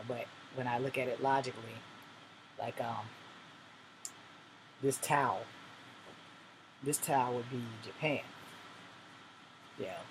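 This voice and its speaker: A man's voice: medium pitch, noisy background. Profane rambling man in his forties. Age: 40s. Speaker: vlogger. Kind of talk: ranting monologue to camera. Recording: air conditioner humming behind.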